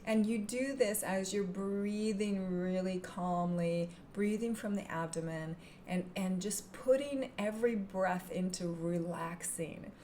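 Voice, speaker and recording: Woman calmly explaining self-hypnosis, gentle voice, bit of faint hiss behind her. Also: medium pitch, a little slow, few pauses. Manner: calm, gentle, drops into soft whispers to demonstrate. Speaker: hypnotherapy and NLP teacher. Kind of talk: instructional talk to camera.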